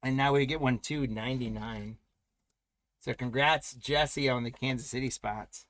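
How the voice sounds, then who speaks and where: A man's voice: mid-range voice, fairly even intonation, a little slow, a bit bright, no echo. A man hosting a live trading card break, announcing pulls and congratulating buyers in an upbeat, chatty way.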